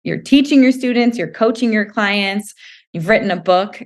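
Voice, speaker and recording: A woman's voice: mid-range voice, moderate pace. A woman hosting a podcast, asking questions in a chatty, upbeat way. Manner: chatty, upbeat, laughs easily. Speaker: podcast host. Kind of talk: casual interview.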